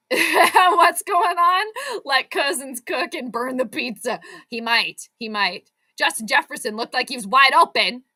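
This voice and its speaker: High, bright-voiced excitable woman. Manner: excitable, frustrated outbursts, chats with viewers. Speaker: fan channel host. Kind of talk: live sports watch-along commentary.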